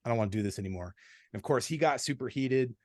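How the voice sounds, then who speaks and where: Man, forties, blunt, animated, swears freely, podcast guest, dry sound. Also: medium pitch, fast talker, dry recording. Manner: blunt, profane, animated storytelling. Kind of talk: casual storytelling.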